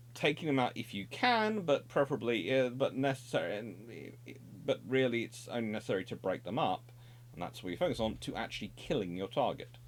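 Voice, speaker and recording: A middle-aged man with a somewhat low voice talks through naval history in an unscripted, wandering explanation. He frequently corrects himself and drops in dry, wry asides.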